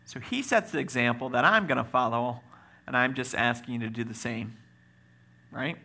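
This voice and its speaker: Animated pastor with a gravelly bright voice. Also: male voice, medium pitch, normal speed. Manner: animated preaching with swings from loud to quiet and joking asides. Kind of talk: sermon.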